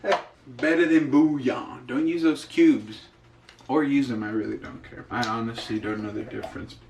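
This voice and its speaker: A man's voice: mid-range voice, steady tone, moderate pace, a little mellow. Joking young man in an echoey kitchen. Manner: jokey, rambling, self-amused. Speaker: cooking vlogger. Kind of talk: casual cooking vlog chat. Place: home kitchen. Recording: echoey kitchen with cooking noise. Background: frying and sizzling.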